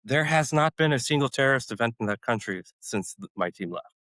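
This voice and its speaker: A man's voice: medium pitch, fairly quick, no room sound, low-quality recording. A middle-aged man, a former special forces medic, telling a story in a podcast interview and acting out what people said. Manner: animated storyteller, acts out quoted dialogue.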